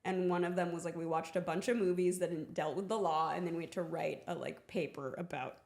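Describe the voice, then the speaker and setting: A woman's voice: fairly low pitch, fairly even intonation, brisk, vocal fry, darkish tone. A young woman hosting a podcast, chatting casually, joking, swearing freely and laughing often. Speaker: podcast host. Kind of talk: casual chat.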